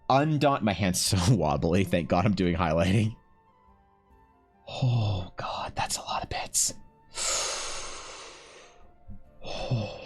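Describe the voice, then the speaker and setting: A man streaming live while he draws, talking to his chat in a stammering, emotional way, restarting his words and swearing often. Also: on the low side.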